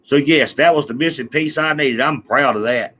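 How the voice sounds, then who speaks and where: A man chatting to his live-stream viewers in an animated, direct way. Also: medium pitch, moderate pace. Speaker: livestreamer addressing viewers. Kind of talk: casual live-stream talk.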